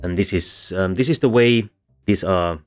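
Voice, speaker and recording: A man with a very low voice talks through a lesson in voice-over. He pauses often, with plenty of ums and uhs and restarted phrases. Faint music plays behind him. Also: clean tone. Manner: hesitant, many fillers and restarts. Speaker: language history explainer.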